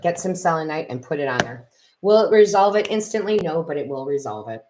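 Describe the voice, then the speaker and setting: A low-voiced woman giving tarot readings on a home live stream, speaking through a built-in computer mic. She talks in effusive bursts, quick to gush and exclaim. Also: animated, noisy background. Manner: emotional, effusive, tearful exclamations. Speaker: tarot reader and medium. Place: home room. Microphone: built-in computer camera mic.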